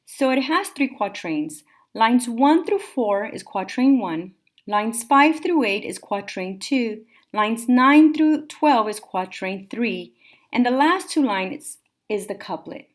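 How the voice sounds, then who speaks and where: Woman teacher, slightly high voice, steady methodical lecture delivery. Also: slow. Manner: clear, methodical, steady explaining. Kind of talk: recorded classroom lecture notes.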